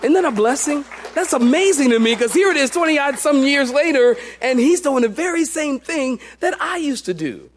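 A middle-aged man, a pastor, preaching a sermon in an animated storytelling manner that swings between loud excitement and hushed tones. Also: very high voice, moderate pace, hardly any pauses.

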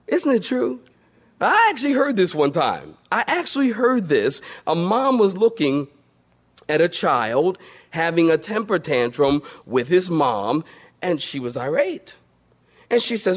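A man preaching a sermon in a lively storytelling manner, asking the congregation rhetorical questions. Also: fairly high pitch, a little slow. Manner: animated, storytelling, acts out voices, rhetorical questions. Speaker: pastor.

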